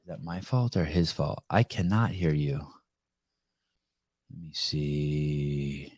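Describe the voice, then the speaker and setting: A man's voice: a bass voice, slow, darkish tone, no room sound. A man hosting a live podcast over a video call, talking bluntly and joking with a lot of profanity. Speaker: podcast host.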